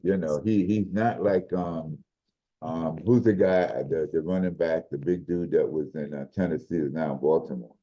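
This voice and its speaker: A man co-hosting a sports podcast, casually breaking down football games in a measured way, restarting his sentences as he thinks. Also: extremely low pitch, warm tone. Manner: measured, explains with repeated restarts. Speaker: podcast co-host, football analyst. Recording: dull lo-fi audio.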